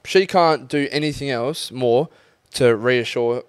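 A man's voice: medium pitch, slow pace, clear, resonant tone, no room sound. A young man, co-hosting a casual podcast chat, reflective and hesitant, with many ums. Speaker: podcast co-host.

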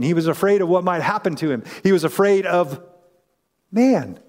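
A man's voice: sits high, expressive, normal speed, a little mellow, long reverb tail. A man preaching a sermon in a conversational way, acting out the voices in the story he tells. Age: adult parent. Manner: conversational, acts out quoted voices. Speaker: pastor.

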